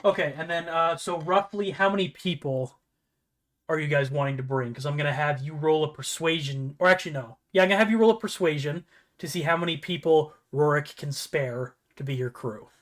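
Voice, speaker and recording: A man running a tabletop game as game master, narrating in a relaxed, rambling way. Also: on the high side, brisk.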